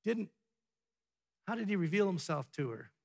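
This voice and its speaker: A pastor preaching a sermon to his congregation, asking rhetorical questions and dropping to a hush before building back up. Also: high voice, sing-song, normal speed, vocal fry. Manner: dramatic, drops to a hushed tone for emphasis, then builds up. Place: church sanctuary.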